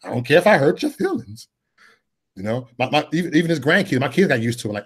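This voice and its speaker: A man's voice: medium pitch, sing-song, quick pace, fairly bright tone, breathy edge. A man hosting a casual live chat, telling stories in a blunt, streetwise way full of slang. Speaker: host of a live chat stream.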